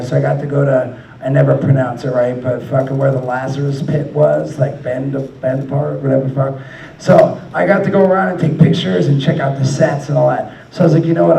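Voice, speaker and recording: Here a mid-range male voice with vocal fry and a mellow quality rambles through profane anecdotes as a convention panel guest, breaking into laughter frequently. The hall is echoey and the microphone sits far away.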